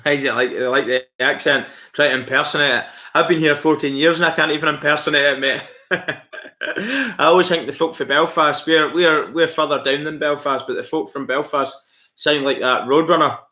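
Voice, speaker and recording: A man's voice: on the high side, fairly even intonation, moderate pace, bright, forceful tone. A man with a Scottish accent hosting a livestream, chatting casually and answering viewer comments in a friendly way. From Scotland. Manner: friendly and chatty, calls viewers mate, laughs often. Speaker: livestream host.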